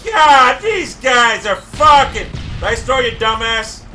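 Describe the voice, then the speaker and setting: High-voiced raging gamer man. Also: big pitch swings, takes it slowly, slight background noise. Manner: loud, profane, raging at other players; shouts in bursts of frustration. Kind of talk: gameplay commentary.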